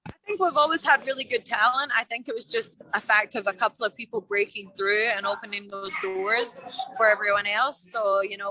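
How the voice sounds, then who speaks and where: A woman's voice: medium pitch, sharp tone, poor audio. A young woman with a mixed Scottish and Australian accent, talking bluntly and confidently as a guest in a casual interview. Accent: Scottish with Australian mix. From Scotland, raised in Australia. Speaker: UFC fighter guest. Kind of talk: casual interview over a call.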